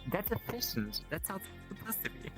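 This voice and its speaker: A man's voice: high-pitched, very animated, brisk, a bit bright, faint music behind. A man on a voice call making short dry remarks in casual chat.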